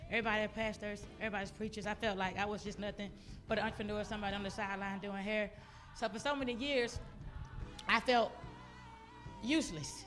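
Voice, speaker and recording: A woman giving an emotional, loud motivational talk as a guest speaker on a church stage. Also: mid-range voice. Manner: loud, exuberant, emotional testimony to a crowd. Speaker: guest speaker, business owner.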